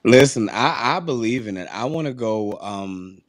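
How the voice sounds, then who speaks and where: An excitable man co-hosting a casual podcast, his voice sitting at an ordinary pitch. He talks emphatically, circling back over his words, and the recording sounds dry and close. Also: moderate pace, no echo. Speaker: podcast co-host. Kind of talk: casual chat.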